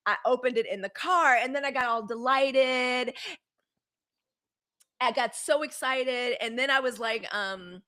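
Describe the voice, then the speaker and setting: A high-pitched woman hosting a live streamed news show, talking in a loose, casual way straight to her audience. She is chatty and outspoken, and she slips easily into blunt, profane rants. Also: unhurried, pushed and bright. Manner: chatty, outspoken, addresses viewers as y'all and girl.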